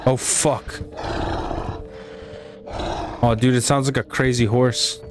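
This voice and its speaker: A man chatting casually while playing a game with friends, excitable and swearing, yelping when scared. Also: medium pitch, takes it slowly, music in the background. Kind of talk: casual gaming chat.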